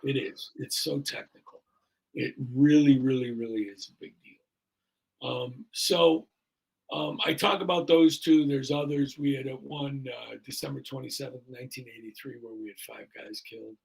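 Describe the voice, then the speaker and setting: A man's voice: mid-range voice, steady tone, moderate pace, gravelly, a little mellow, husky, poor audio. A man in his sixties, a fire chief and podcast guest, telling a story in an earnest, rambling way with many fillers. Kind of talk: casual storytelling in a podcast interview.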